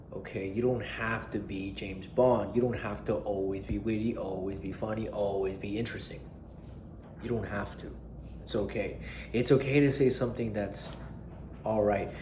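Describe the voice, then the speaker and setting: A man's voice: lowish voice, mellow, slight background noise. A young man giving direct advice on conversation skills, casual and emphatic, often checking in with "right?", and swearing freely. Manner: uses his hands and body while talking. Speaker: dating and social skills coach. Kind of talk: direct-to-camera advice talk. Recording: echoey room.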